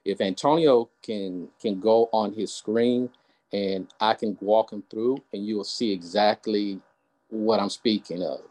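Low-voiced Southern US man. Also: darkish tone. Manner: halting, explains step by step. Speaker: caller. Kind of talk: casual group call.

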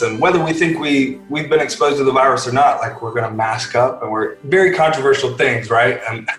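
A man's voice: mid-range voice, fairly bright tone, reverberant, low-quality recording. A man from a worship band talking earnestly in a casual interview, rambling with many fillers and restarts.

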